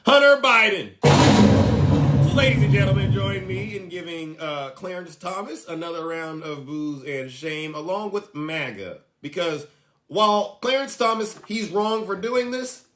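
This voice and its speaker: Combative male streamer with a high, lively voice, roomy echo; mocking political rant. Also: measured pace, noisy background. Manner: mocking, combative, riffs with acted-out exchanges. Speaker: livestream host. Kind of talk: ranting political livestream commentary. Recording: echoey room.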